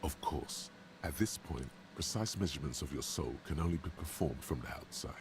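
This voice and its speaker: A man voicing a sardonic inner-voice narrator in a video game, speaking in dry, measured tones. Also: rumbling low, expressive, noisy background. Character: deep male inner voice narrating a game, wry and grave.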